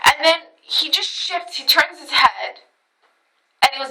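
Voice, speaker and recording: A woman telling a personal story to camera in a casual, animated way, swearing freely and acting out what others said. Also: high voice, a little slow, rough recording.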